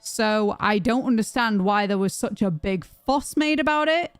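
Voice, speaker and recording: A young British woman streaming, telling a story to her chat in a chatty, animated way with plenty of restarts. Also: medium pitch, normal speed, clear, resonant tone, dry recording. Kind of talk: casual storytelling to a live chat.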